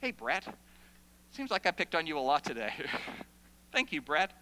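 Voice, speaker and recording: A man preaching a sermon as pastor in a church, animated and playful with asides to the congregation. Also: on the high side, unhurried, clear, resonant tone. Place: church sanctuary. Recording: long hall reverb.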